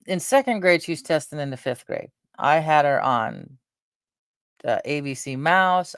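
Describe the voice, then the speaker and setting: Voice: medium pitch, a bit bright, no echo. Middle-aged vlogger, chatty and meandering, dry close sound. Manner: meandering, chatty, lots of fillers and restarts. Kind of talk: casual rambling chat.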